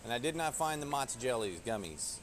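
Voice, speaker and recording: A man's voice: medium pitch, big pitch swings, fairly quick, a bit bright. A man live-streaming while he shops, talking casually and rambling with plenty of swearing. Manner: rambling, profane, jokey. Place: shop aisles indoors. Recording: noisy shop background.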